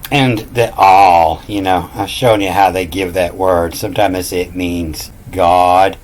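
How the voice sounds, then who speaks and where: A man's voice: fairly low pitch, slight background noise. An older man talking casually and in a rambling, folksy way about word origins, drifting into asides. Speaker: channel host.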